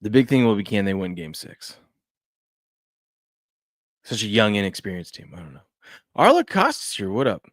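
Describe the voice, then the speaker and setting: Very animated and fairly low-voiced, a man runs a casual sports talk show at moderate pace, pausing often as he reacts to game clips and chat. He rambles, repeats points, and restarts sentences full of fillers, in a dry recording.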